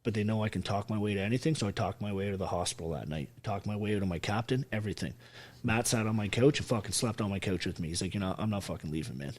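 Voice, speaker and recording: Veteran guest, man, low-set voice, raw and profane storyteller. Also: racing, a little mellow. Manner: profane, blunt, acts out quoted speech. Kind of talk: emotional storytelling on a podcast.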